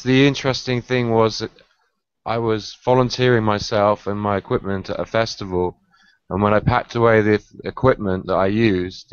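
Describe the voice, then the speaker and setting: A man joining a webinar, recounting an experience in a measured, explanatory way. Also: lowish voice, clear, resonant tone, no room sound. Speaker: participant. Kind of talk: casual anecdote. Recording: dull dry lo-fi webinar audio.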